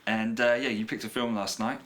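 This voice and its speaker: Bright-voiced man, fairly low. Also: fairly even intonation, brisk. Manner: easygoing, joking. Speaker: podcast co-host. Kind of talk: casual chat.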